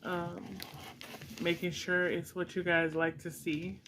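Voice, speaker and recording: A woman's voice: on the low side, level tone, takes it slowly, noisy background. A middle-aged woman vlogging an unboxing at home, gushing and emotional with frequent exclamations. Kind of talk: casual unboxing vlog.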